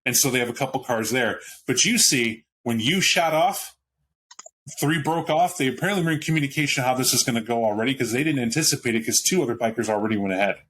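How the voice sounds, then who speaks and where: Animated man running a tabletop game. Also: medium pitch, quick pace, a little hiss or hum, rough recording. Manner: rambling, animated narration with restarts. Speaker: game master. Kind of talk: narrating a tabletop role-playing game.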